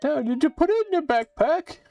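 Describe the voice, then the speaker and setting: A man's voice: extremely high pitch, very animated, a little fast, vocal fry, mellow, no room sound, far from the mic, dull audio, pitched above the performer's own voice, full character voice. A man voicing an old female swamp witch who is cruel and mocking. She chants rhyming spells in a sing-song way and taunts the listener. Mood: gloating.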